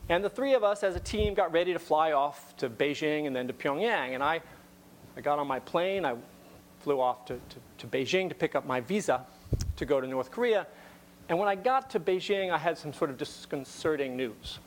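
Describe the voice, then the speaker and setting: A man's voice: fairly high pitch, animated, normal speed, slight background noise. A man giving a talk to an audience, telling a story conversationally with wry asides and frequent repeated words.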